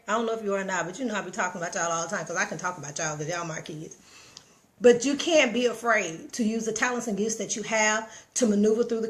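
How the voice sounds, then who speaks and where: A middle-aged woman hosting a live stream, giving casual motivational talk straight to her viewers, emphatic and repetitive, talking into her phone. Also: medium pitch. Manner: preachy, emphatic, repeats herself, talks straight to viewers.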